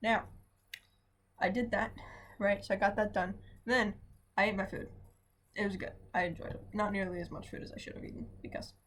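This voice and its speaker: A woman's voice: medium pitch, steady tone, brisk, pauses often, a bit bright, a little hiss or hum. A young adult woman, a student, telling a casual diary vlog from home in a rambling, chatty way that keeps asking "right?". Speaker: vlogger, student.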